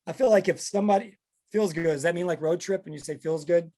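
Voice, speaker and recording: A man's voice: high-pitched, quick pace. A man hosting a casual chat show, telling stories and acting out the people in them. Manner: animated storyteller acting out quotes. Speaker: podcast host.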